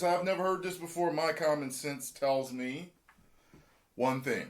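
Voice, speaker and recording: A man's voice: fairly high pitch, unhurried, a little hiss or hum. A man hosting a reaction video, chatting casually and animatedly with fillers.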